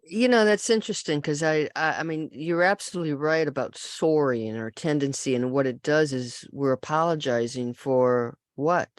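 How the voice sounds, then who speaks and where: A woman's voice: deep voice, normal speed, few pauses, dry recording, clean studio sound. A woman co-hosting a casual conversation, frank and opinionated, thinking aloud as she goes. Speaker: co-host.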